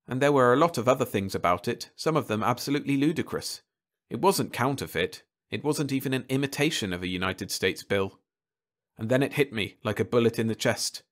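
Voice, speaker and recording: A man reads a short story aloud in a calm, steady storyteller's voice. His pitch is mid-range and his delivery even, suited to bedtime listening. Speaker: audiobook narrator. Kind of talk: scripted narration.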